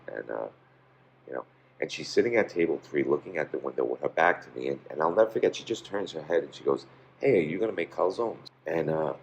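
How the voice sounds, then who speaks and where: A man's voice: rumbling low, gravelly, a little mellow. A man, a pizzeria owner, telling stories in a casual interview, rambling with many fillers.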